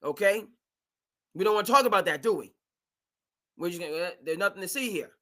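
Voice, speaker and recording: Bright-voiced, emphatic sports talk host man. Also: sits high, a little fast. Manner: animated, emphatic, mimics owners in asides. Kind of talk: live sports talk stream.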